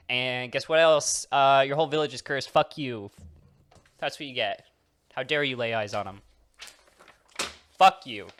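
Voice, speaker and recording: Smooth-voiced man rambling through jokes. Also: mid-range voice, fairly bright tone, dry recording, studio quality. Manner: rambling and jokey, with lots of restarts and casual swearing; acts out little scenes in quoted voices. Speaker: video creator and streamer. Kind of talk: casual comedic countdown commentary.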